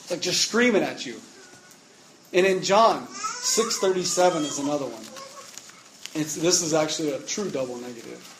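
A man preaching a sermon, emphatic, getting louder on repeated words. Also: fairly high pitch, animated, moderate pace, pauses often, slight background noise, low-quality recording.

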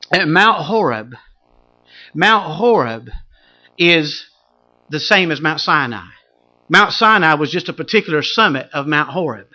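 Male preacher, bright and forceful tone, delivers a dynamic sermon that jumps from loud to hushed. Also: fairly high pitch. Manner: animated preaching, swinging between loud exclamations and hushed asides.

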